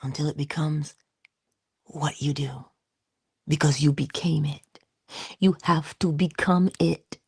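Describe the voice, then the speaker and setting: A woman hosting a casual motivational livestream, playful and chatty, slipping into whispery asides and animated quoted voices. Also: slow pace, pauses often, dry recording, studio quality. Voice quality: low gravelly husky voice. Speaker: livestream host.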